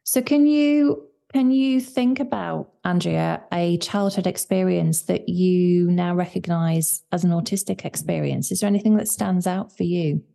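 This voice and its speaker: A woman hosting a podcast, asking questions in a gentle, measured way. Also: fairly low pitch, gravelly. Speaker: podcast host. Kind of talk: interview questions.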